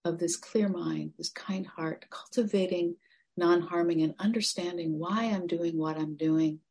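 A woman meditation teacher giving a gentle, reflective dharma talk that sometimes drops to a near-whisper. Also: fairly low pitch, steady tone, unhurried, husky.

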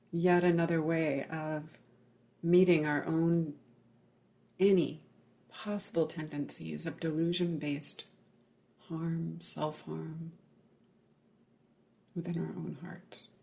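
A meditation teacher giving a Buddhist dharma talk, telling a legend in a measured way with many pauses, often checking in with "right?" and dropping to a near-whisper on key words. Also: mid-range voice, little pitch movement, vocal fry, warm tone.

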